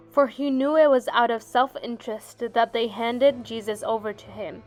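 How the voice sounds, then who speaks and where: A woman reads scripture aloud in a steady, solemn way. Her voice sits a little high. Soft music plays underneath her. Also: normal speed, few pauses. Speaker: scripture reader. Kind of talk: scripture reading.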